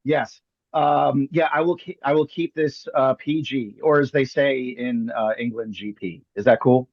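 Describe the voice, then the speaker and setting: A man's voice: mid-range voice, fairly even intonation, measured pace, no echo, highs cut off. A man hosting a live magic show, performing a card trick over a video call with jokey, theatrical patter. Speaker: magician host.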